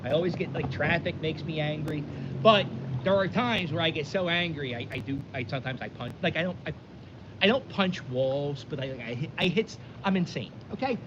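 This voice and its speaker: This man's voice is slightly high and moves at an ordinary pace as he vlogs outside in the wind. He pokes fun at himself, stays animated, and keeps starting over mid-story, all captured in muffled audio with wind noise.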